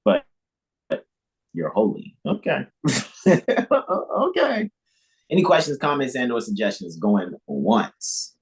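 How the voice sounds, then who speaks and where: A man's voice: huge pitch swings, slow pace, pauses often, slightly rough, low-quality recording. A man hosting an informal spiritual lecture, talking emphatically and repetitively, with many restarts and small chuckles. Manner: mimics imagined listeners in high mocking voices. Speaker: spiritual teacher hosting a devotional livestream.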